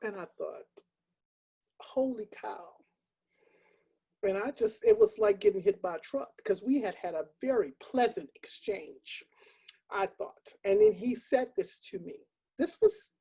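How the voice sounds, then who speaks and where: An older woman, a choral music professor, telling a personal story on a video call, halting and earnest with many ums. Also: a little high, big pitch swings, mellow, breathy edge.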